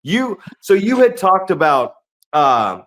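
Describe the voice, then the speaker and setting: A middle-aged man hosts a casual podcast as a veteran wrestler, swapping profane ring stories and putting questions to his guest. His voice sits a little higher than most men's. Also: sing-song, takes it slowly, a bit bright. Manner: profane, storytelling, asks questions.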